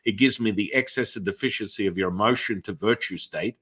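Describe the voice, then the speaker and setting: A man's voice: lowish voice, brisk, breathy edge. A middle-aged man hosting an interview, telling stories at length, rambling with fillers and restarts and acting out other people's reactions. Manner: animated, acts out other people's reactions in shifted voices. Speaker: podcast host and energy healer. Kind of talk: conversational storytelling in an interview.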